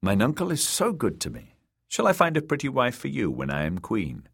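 A man's voice: mid-range voice, wildly swooping pitch, a little fast, creaky, a bit bright, slightly rough, voice pushed up, exaggerated voice. A man reading an audiobook, voicing a confident young woman warrior who teases her uncle. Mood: teasing. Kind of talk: audiobook character voice.

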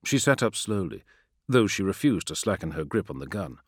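A man narrating a dark science-fiction story in an expressive, dramatic reading style. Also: low-pitched, brisk, no room sound, studio quality. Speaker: audiobook narrator. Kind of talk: scripted narration.

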